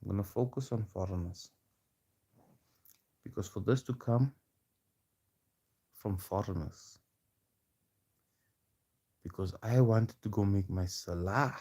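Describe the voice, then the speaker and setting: Casting: man, low dark voice, taunting confrontational rant. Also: slow, long pauses, breathy edge. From South Africa. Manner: taunting, challenging, repeats himself. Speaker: protester.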